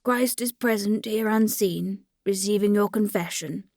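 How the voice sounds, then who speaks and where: A woman voicing a hurried old village priest. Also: medium pitch, darkish tone, dry recording, clean studio sound. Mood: hurried, patient. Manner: hurried, rote churchly phrasing. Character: weary good-natured old male village priest.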